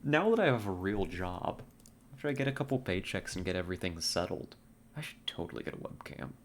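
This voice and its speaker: A man's voice: low voice, lively intonation, fairly quick, slight background noise. A man chatting casually while livestreaming a strategy game, rambling and often laughing at his own jokes. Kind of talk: casual gameplay chat while streaming.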